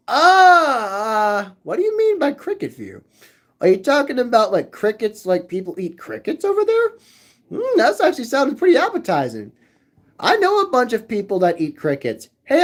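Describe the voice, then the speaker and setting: A man hosting a livestream, rambling to his chat, repeating phrases again and again in a sing-song way. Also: high voice. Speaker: livestream host reading chat. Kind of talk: rambling live chat with viewers.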